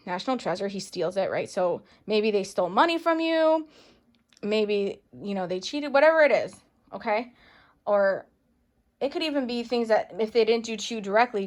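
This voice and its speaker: She's a tarot reader running her own channel, giving an informal reading straight to camera. Animated and playful, she calls viewers darling and baby, punctuating the reading with bright bursts and low muttered remarks.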